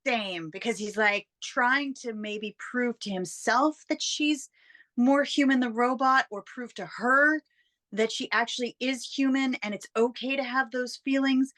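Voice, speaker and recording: A woman's voice: a little high, unhurried, fairly bright tone. Thoughtful woman from San Francisco. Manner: thoughtful, reflective. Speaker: guest. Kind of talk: casual movie discussion.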